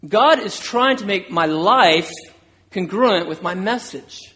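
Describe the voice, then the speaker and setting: A man's voice: high-pitched, lively intonation, slow pace, sharp tone. A man preaching a sermon, earnest, voicing an apostle's words with rising intensity. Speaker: pastor.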